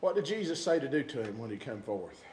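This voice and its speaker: An older man preaching a sermon in a small church, swinging between shouted exhortation and hushed, drawn-out phrases. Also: mid-range voice, big pitch swings. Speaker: pastor. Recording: echoey church room, faint congregation.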